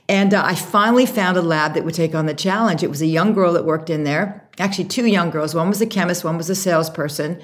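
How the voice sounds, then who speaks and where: A woman being interviewed about starting her makeup brand, telling the story with lively, acted-out quotes. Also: fairly low pitch, fast, hardly any pauses. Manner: animated storyteller, acts out quotes. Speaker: guest, makeup artist and brand founder.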